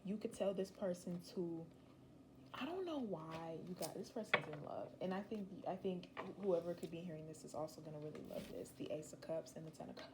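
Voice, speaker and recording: A woman's voice: lowish voice, expressive, fairly quick, very noisy. A young woman giving a casual, rambling tarot reading, chatty and slangy with emphatic asides. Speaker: tarot reader.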